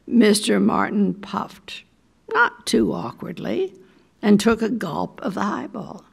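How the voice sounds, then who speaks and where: An older woman reading a short story aloud in a measured, deliberate way. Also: medium pitch, lively intonation, vocal fry, slightly rough. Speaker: resident reader.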